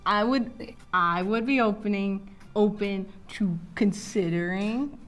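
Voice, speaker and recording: A woman's voice: medium pitch, slow, music in the background. A woman playing a strategy game with a partner, chatting casually and playfully with lots of laughter. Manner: bubbly, playful, laughing banter. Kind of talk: casual live gameplay chat.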